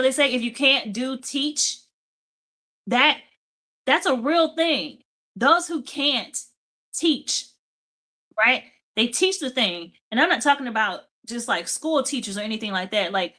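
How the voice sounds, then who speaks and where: A woman's voice: a little high, pushed and bright. A woman hosting a casual devotional talk. She sounds tired and keeps checking in with her listeners by asking "okay?" and "right?". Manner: chatty, repeats "okay?" and "right?". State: tired, yawning. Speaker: host of a devotional talk show.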